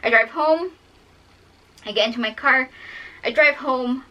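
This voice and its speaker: A woman's voice: high voice, a little slow, dull audio. A young woman vlogger telling a personal story while drawing, fighting back tears and rambling with many fillers.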